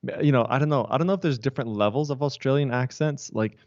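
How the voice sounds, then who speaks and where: A man's voice: medium pitch, quick pace, no room sound, dull audio. A man co-hosting a casual tech podcast, chatting in a loose, rambling way full of fillers. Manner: chatty, rambling storyteller with many fillers and laughs. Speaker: podcast co-host.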